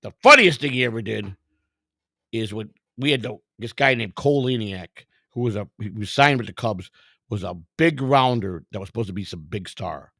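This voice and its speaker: A middle-aged man with a gravelly, rough-edged voice tells stories casually, swearing freely and acting out the people in them. He sounds close and dry, with no room around him. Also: fairly low pitch, normal speed, no echo. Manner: profane, animated, acts out quotes. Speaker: storyteller, former clubhouse worker. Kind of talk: casual storytelling.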